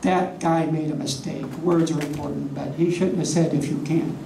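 A preacher teaching a class from slides, leaning on slow, emphatic words and rhetorical questions. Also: mid-range voice, fairly even intonation, gravelly, dark tone. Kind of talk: sermon with slides. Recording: echoey room, voice from a distance, faint hum.

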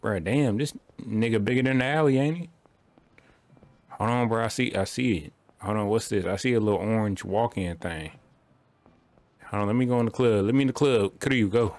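Low-voiced young man joking through gameplay. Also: brisk. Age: young adult. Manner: loose slangy running banter. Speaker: gaming streamer. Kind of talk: casual gameplay commentary.

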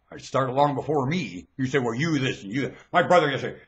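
A man delivering a preachy, ranting monologue into a webcam microphone, lurching between muttering and shouting. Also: lowish voice, very animated, moderate pace.

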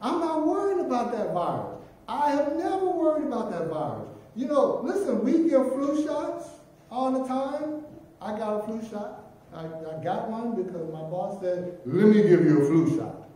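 A middle-aged pastor preaching a sermon, swinging between loud emphatic lines and near-whispered ones. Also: male voice, extremely high pitch, very animated, unhurried. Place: church sanctuary. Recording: very echoey church room from a distance.

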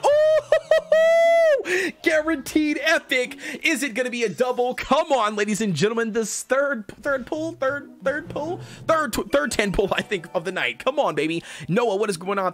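Male gaming streamer, high lively voice, excitable, cheers and hypes the chat. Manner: hyped, excitable, cheering at the game. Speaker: gaming livestreamer. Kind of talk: live gameplay commentary.

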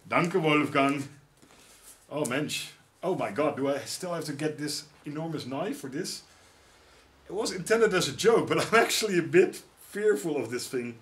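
A middle-aged man with a Dutch accent unboxing gifts in a casual vlog, exclaiming often with excitement. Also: medium pitch, slight background noise. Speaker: YouTuber.

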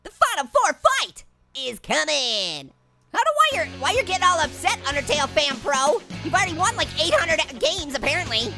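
A man's voice: sing-song, moderate pace, heavily acted. A man voicing a hyperactive, giggly male talking orange in a cartoon let's-play, squealing and joking through close calls. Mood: giddy. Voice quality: squeaky, high and nasal with constant giggles. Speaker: gaming channel host. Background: game music.

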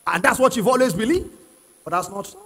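Male pastor with a husky, high voice, preaching emphatically to a congregation; sound carries a long hall reverb. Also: fast talker, fairly bright tone. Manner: asks the congregation questions and prods them to answer; emphatic, repeats key phrases. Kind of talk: sermon. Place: church hall with live congregation.

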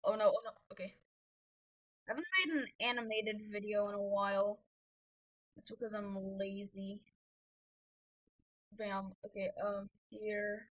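A woman's voice: medium pitch, level tone, measured pace, pauses often, poor audio. A woman giving rambling, self-mocking commentary while playing a game, easily flustered. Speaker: gamer. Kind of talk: gameplay commentary.

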